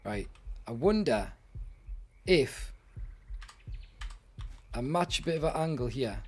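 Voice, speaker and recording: A man's voice: medium pitch, expressive, slow, husky. A British man streaming a game live, chatting with viewers and grumbling in exasperation. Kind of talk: live gaming commentary.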